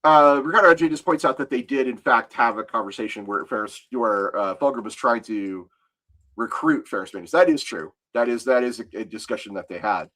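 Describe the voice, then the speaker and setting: A man's voice: mid-range voice, a little fast, a bit bright. A man co-hosting a podcast, explaining lore at length and thinking aloud in casual talk. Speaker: podcast co-host.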